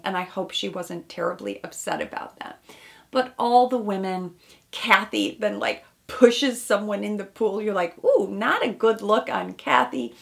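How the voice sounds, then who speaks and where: A woman therapist giving casual, animated commentary on a reality dating show, often acting out quotes. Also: medium pitch. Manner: animated, warm analytical commentary with quoted asides.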